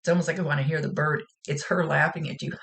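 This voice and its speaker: A woman's voice: low-pitched, steady tone, fast, creaky. A woman working as a psychic medium, giving a rambling, chatty reading and often laughing. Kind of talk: casual spoken reading.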